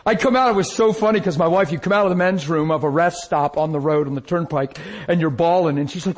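Male preacher, high voice, animated sermon testimony. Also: brisk, few pauses. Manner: animated storytelling, acting out his own crying.

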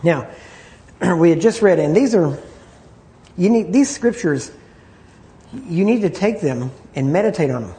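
A man teaching an informal Bible study, talking conversationally, repeating himself and often clearing his throat. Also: high voice, expressive, unhurried, long pauses, mellow.

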